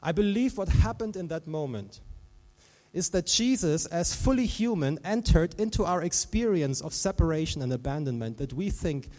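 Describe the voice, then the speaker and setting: Male pastor, sermon, fairly high voice, animated delivery, hushed to loud, long hall reverb. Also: normal speed.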